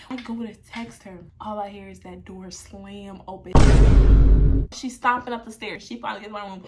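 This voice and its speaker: A woman's voice: medium pitch, fairly even intonation, normal speed, a little mellow, a little hiss or hum. A young woman chatting through a storytime while getting ready on camera, slangy and laughing along. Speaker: vlogger.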